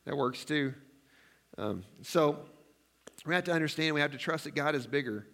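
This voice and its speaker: A man's voice: fairly high pitch, moderate pace, vocal fry, fairly bright tone. A man preaching a sermon as pastor in a church, chatty and self-deprecating, acting out his own worried prayers. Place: church sanctuary.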